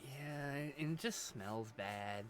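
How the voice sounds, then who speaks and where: A man's voice: medium pitch, slow pace, a little hiss or hum. A man streaming live, chatting casually and joking while relaying messages from chat.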